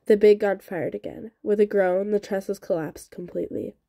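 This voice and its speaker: Woman reading a novel aloud, mellow. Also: mid-range voice, normal speed, gravelly, dry recording. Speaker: audiobook reader.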